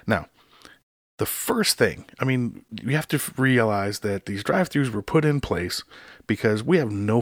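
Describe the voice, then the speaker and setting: A man's voice: fairly low pitch, dry recording, clean studio sound. A man hosting his own podcast, ranting about everyday annoyances with constant swearing and exasperated outbursts. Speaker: podcast host. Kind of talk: profane solo rant.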